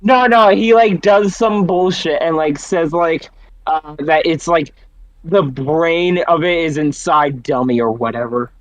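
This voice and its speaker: A man chatting casually as a podcast host, swearing often and reacting quickly. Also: a little high, no room sound, low-quality recording. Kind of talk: casual chat.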